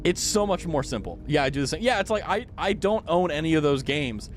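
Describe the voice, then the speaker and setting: A man's voice: fairly high pitch, lively intonation, brisk, faint music behind. A man streaming a game, chatting casually and joking at his own expense. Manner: joking, rambling, self-mocking. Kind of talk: casual chat.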